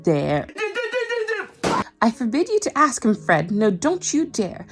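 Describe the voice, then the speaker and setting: A woman's voice: high voice, big pitch swings, normal speed, bright, forceful tone, soft background music, pitched above the performer's own voice, full character voice. A woman voicing a fond but stern mother of a big family while reading a storybook aloud. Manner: scolding, fussing.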